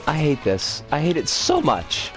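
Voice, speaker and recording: A woman commentates her live game stream in a loose, chatty ramble. Her pitch swings wildly from low grumbles to high squeals. Faint game music plays behind her. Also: huge pitch swings, measured pace. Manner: chatty, rambling, bursts into frustrated outbursts. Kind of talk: casual live-stream commentary while playing.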